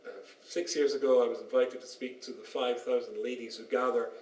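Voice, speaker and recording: A man's voice: mid-range voice, steady tone, fairly quick, a little mellow, far from the mic, a little hiss or hum. A man, a rabbi giving a public lecture in a synagogue, telling stories in a wry, self-deprecating way. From northwest England. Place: synagogue hall. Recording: roomy echo, voice from afar.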